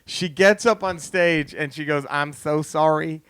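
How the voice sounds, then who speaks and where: Bright-voiced comedian telling a story. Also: male voice, fairly high pitch, unhurried, clear, resonant tone, no echo, studio quality. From Texas. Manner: animated, swearing, laughing through stories. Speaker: comedian podcast host. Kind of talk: casual storytelling chat.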